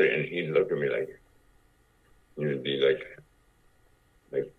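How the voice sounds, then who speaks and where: A man's voice: rumbling low, steady tone, takes it slowly, pauses often, slightly rough, dull audio. A man, a guest actor, telling stories in casual talk and acting out other people's lines as he goes. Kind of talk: casual anecdotal storytelling.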